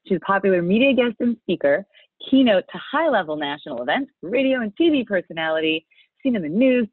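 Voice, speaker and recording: A woman's voice: medium pitch, slightly rough, no echo. A woman hosting a podcast interview, bubbly and enthusiastic as she reads the guest's introduction and asks questions. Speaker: podcast host. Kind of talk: interview host chat. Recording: dry, tinny phone-like line.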